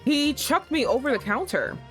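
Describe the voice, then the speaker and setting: A woman voicing a rough male thief witness with a put-on Cockney accent, gruff and rambling. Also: high-pitched, very animated, normal speed, faint music behind, voice pushed up. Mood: nervous.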